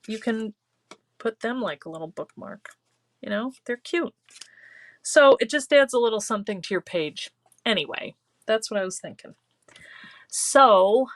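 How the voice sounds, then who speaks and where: A woman's voice: mid-range voice, fairly bright tone, no echo. A woman hosting a live crafting show. She chats casually and rambles, laughs often, and leans on "you know" while reading viewer comments. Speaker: host of a live craft stream.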